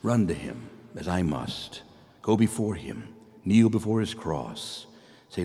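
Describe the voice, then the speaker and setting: A low-voiced man preaching in a church, his voice carrying a long hall reverb. He pleads earnestly, swings widely in pitch, rises to bright exclamations and then sinks almost to a whisper. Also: very animated, slow pace. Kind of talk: sermon.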